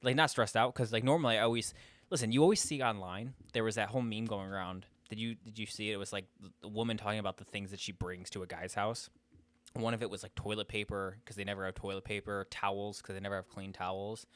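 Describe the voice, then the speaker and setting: A man's voice: fairly low pitch, fairly even intonation, fast, a bit bright, dry recording. A young man co-hosting a podcast in casual, crude, joking banter full of swearing. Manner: crude, swears a lot, jokey. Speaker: podcast co-host.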